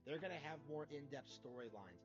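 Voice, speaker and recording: Man, opinionated commentator, argumentative, muffled lo-fi audio, clear music underneath. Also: a little high, expressive, fairly quick. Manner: argumentative, leans on tag questions. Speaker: video commentator. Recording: dull lo-fi clip with music.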